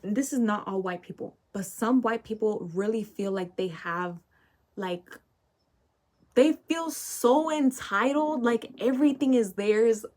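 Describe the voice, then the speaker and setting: A woman's voice: on the high side, measured pace, darkish tone. Teen girl ranting through a storytime. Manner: ranting, filler-heavy, keeps asking "okay?". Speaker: vlogger. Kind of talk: casual storytime while getting ready.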